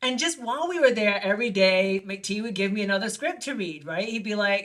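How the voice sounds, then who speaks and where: A woman filmmaker telling an anecdote in an interview, animated and acting out the voices of the people she quotes. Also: a little fast. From lived in Barcelona. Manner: animated, acts out quoted voices with big pitch jumps. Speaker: guest filmmaker. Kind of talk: storytelling in an interview.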